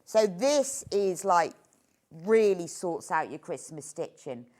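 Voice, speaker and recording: A live shopping host takes her time, her voice rising and falling with eager delight. She raves enthusiastically about every product and laughs readily, her pitch staying lively phrase after phrase.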